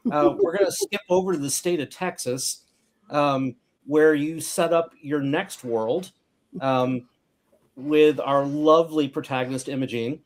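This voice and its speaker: A man's voice: on the high side, unhurried. A man hosting a casual interview, jokey with playful slang and stumbling restarts. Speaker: host.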